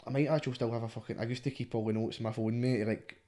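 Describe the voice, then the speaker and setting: Fast-talking, foul-mouthed young Scottish man. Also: mid-range voice, fairly even intonation, warm tone. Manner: heavy swearing, constant "mate" tags. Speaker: guest rapper. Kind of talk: casual podcast storytelling.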